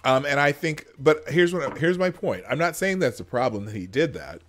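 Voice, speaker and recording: A man hosting a livestream show, chatting casually and excitably, often shifting closer to and farther from the mic. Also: on the high side, normal speed. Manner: excitable, loudness jumps as he moves around the mic. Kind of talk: casual chat.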